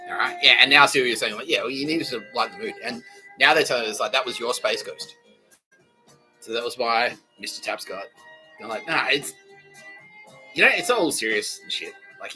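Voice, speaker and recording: A man hosting a comedy podcast, rambling through a story, swearing freely and acting out the voices he quotes. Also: medium pitch. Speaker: podcast host.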